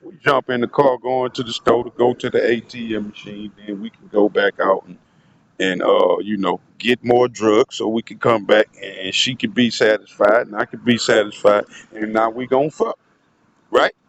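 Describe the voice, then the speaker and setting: A man's voice: on the low side, fairly even intonation, moderate pace, gravelly, lo-fi sound, a little hiss or hum. A man telling a rambling, profane story in a casual vlog monologue, often turning to speak to his audience. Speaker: vlogger.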